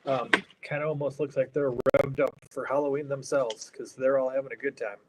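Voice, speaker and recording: Man, mid pitch, casual and hushed, headset mic, faint background hiss. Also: steady tone, brisk, poor audio. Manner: talks quietly, keeping his voice down. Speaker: caretaker of a haunted hospital. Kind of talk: casual interview. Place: inside an old hospital building. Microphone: earpiece headset.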